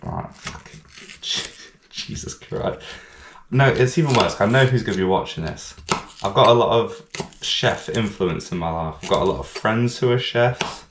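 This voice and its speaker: A man's voice: on the low side, lively intonation, moderate pace, noisy background. A man hosting a casual home cooking vlog in his kitchen. He rambles, mocks himself and swears a lot while he chops. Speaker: cooking channel host. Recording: echoey kitchen with clattering pans.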